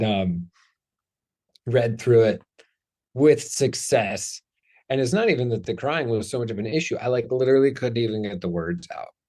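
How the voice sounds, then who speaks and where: A man hosts a casual talk show, playful and chatty, joking at his own expense. His voice is on the low side with a darkish tone.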